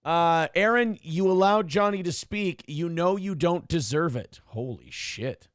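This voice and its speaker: A man with a high-pitched voice hosts a casual livestream, reading out chat messages. He is loud and joking, jumping between shouts and low mutters. The sound is dry and close to the mic. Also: measured pace, no room sound. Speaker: show host reading chat donations.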